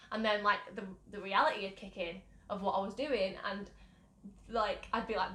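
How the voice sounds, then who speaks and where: A young British woman, a mental health vlogger, candidly recounts a personal story, rambling with many fillers. Her mid-range voice is brisk with a fairly bright tone, and the recording has a roomy echo.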